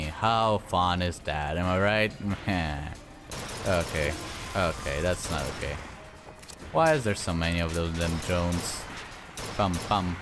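Excitable swearing man playing a game. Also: low-pitched, noisy background. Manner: excitable, swearing, yelling at enemies. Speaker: gaming channel host. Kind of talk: let's play commentary.

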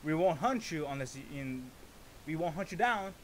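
A man casually reacting to a rap song, rambling through explanations and breaking into excited interjections. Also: a little high, moderate pace, a little hiss or hum.

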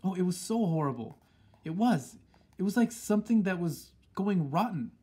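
A man's voice: high-pitched, lively intonation, moderate pace, mellow, husky, pitched above the performer's own voice. A man doing an eager young boy-mouse.

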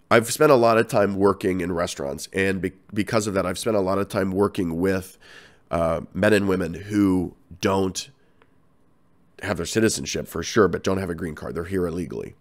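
A man's voice: low-pitched, normal speed. A man with a cold hosting a podcast, rambling and swearing through casual ranting commentary. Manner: rambling, profane, animated. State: has a cold. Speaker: podcast host and comedian.

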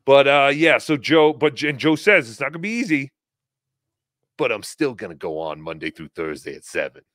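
A man's voice: mid-range voice, sing-song, normal speed, a bit bright, dry recording, clean studio sound. A man hosting a casual online show, joking, laughing a lot and slipping into mocking voices. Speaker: host. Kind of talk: casual chat.

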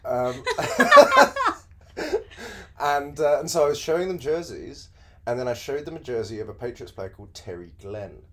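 A man's voice: mid-range voice, huge pitch swings, normal speed, bright, forceful tone, a little hiss or hum. A man hosting a podcast, chatting casually and cracking dry jokes with a co-host. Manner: dry joking, laid-back banter. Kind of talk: casual chat.

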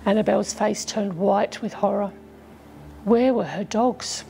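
A woman from England narrating a children's storybook aloud, gently voicing the characters' lines as she goes. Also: mid-range voice, fairly even intonation, a little slow, vocal fry, slight background noise, rough recording. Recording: faint music behind.

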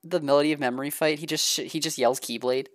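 A woman co-hosting a casual gaming podcast, laughing often and getting animated when excited. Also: deep voice, racing, no room sound. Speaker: podcast co-host. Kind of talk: casual chat.

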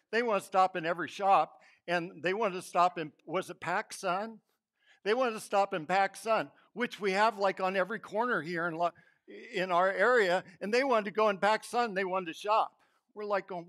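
A man with a notably high voice preaches a Sunday sermon in church. He tells a story, acts out quotes and sometimes drops to a hushed voice for emphasis. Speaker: pastor.

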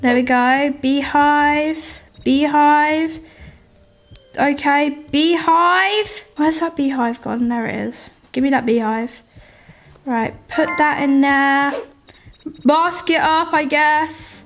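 A woman, a gaming YouTuber, chatting excitedly with viewers as she plays through a game, often talking to the game itself. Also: high voice, slow, soft background music. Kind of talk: let's-play commentary.

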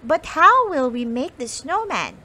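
A woman's voice: high voice, big pitch swings, measured pace, sharp tone, voice pushed up, full character voice. Woman doing a curious, worried little mouse.

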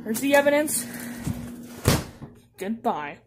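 A woman's voice: on the high side, very animated, slow, noisy background. Woman voicing Waluigi, smug little schemer. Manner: offhand, smug, careless. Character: scheming lanky male villain kidnapper. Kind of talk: amateur comedy voice acting.

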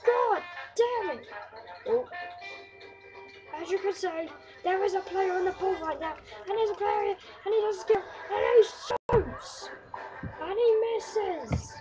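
A woman with a very high, lively voice talks her way through a football video game, crying out at missed shots and cursing her opponents. She drags her words out slowly and calls her own goals like a sports announcer. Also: music in the background. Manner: exclaims and swears at the game, mock play-by-play calls. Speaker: gameplay commentator. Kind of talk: excitable gameplay commentary.

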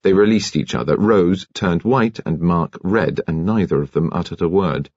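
A deep, husky male voice narrating an audiobook with measured, expressive storytelling. The sound is dry and close, slightly dulled in its highs. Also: no echo, highs cut off.

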